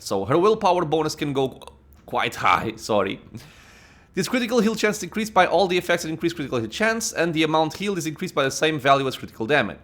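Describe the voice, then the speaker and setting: A man's voice: on the high side, a bit bright. A man giving casual gameplay commentary as a let's play host, thinking aloud with many "uh"s and laughing at himself.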